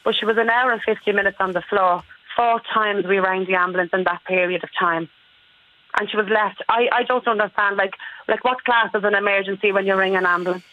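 A woman's voice: medium pitch, steady tone, a little fast, no room sound. A woman, a caller on a radio phone-in, talking in an indignant, emphatic way. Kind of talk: complaint on a phone-in. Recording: tinny dry phone line.

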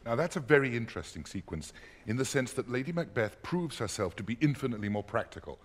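A man explaining a play as a lecturer, emphatic and expressive. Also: mid-range voice, fast. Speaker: literature lecturer. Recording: long hall reverb.

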